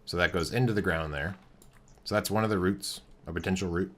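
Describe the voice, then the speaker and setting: A man thinking aloud in casual commentary as he builds in a game. He talks in a relaxed, halting way, full of fillers and restarts. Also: low voice. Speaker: game streamer.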